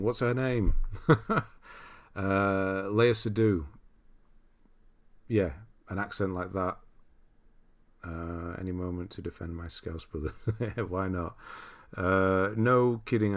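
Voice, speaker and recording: A young British man hosting a casual livestream, chatting loosely, reading out viewer comments and laughing often. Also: deep voice. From Britain. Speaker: livestream host.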